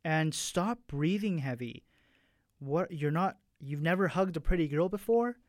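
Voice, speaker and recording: A man voicing a bold, teasing young alien woman who speaks in a hushed, wry voice. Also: fairly high pitch, animated, measured pace, dry recording, clean studio sound. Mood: teasing whisper.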